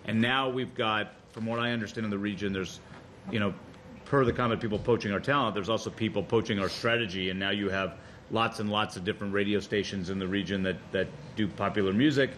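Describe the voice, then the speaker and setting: Low voiced guy at a board meeting, halting, repeats himself, bit of noise. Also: fairly even intonation, fairly bright tone. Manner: conversational, hesitant, repeats words. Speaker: board member.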